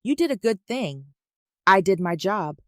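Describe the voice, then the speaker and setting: A woman's voice: medium pitch, sing-song, unhurried, no echo, clean studio sound. A woman voicing a guarded, haunted male heart surgeon who speaks in curt, clipped lines.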